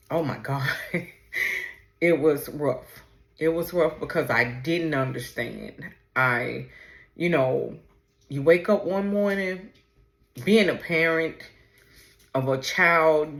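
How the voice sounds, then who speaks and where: A woman in her forties hosting a personal podcast, talking in a halting, emotional way as she fights back tears. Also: sits low. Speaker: podcast host. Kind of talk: personal podcast talk on camera. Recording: roomy echo.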